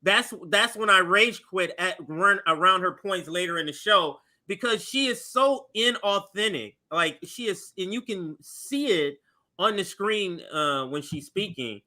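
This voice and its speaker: A man's voice: high-pitched, expressive, a little slow, pushed and bright. A man hosting a casual political commentary show, laughing easily and talking in loose asides. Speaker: host.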